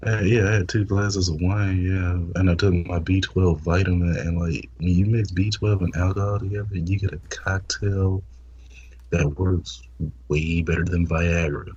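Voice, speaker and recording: A man's voice: sits low, steady tone, normal speed, darkish tone, husky, muffled recording. A man hosting a podcast, telling a blunt, explicit story in casual talk and stammering over repeated words. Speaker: podcast host.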